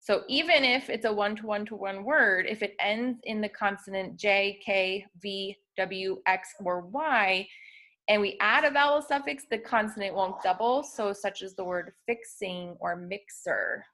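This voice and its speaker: The voice is a young woman's, mid-range, bright and somewhat pushed, unhurried as she walks through spelling rules. It's a patient, methodical lesson marked by frequent ums and small self-corrections.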